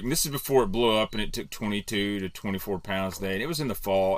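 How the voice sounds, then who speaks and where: A man in his thirties telling a long fishing story in a casual, animated way, with swearing and self-deprecating asides. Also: lowish voice, dry recording. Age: 30s. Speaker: podcast panelist.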